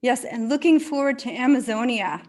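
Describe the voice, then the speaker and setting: A woman's voice: fairly high pitch, animated, normal speed, darkish tone. A woman hosting an online event on a video call, affirming speakers with short praise words. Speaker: event host.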